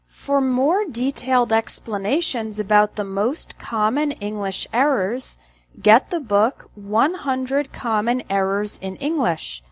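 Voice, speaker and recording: A woman teaching English, narrating a lesson slowly and carefully pronouncing each word in lists for learners to repeat. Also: a little high, lively intonation. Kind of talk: slow, clearly enunciated lesson narration.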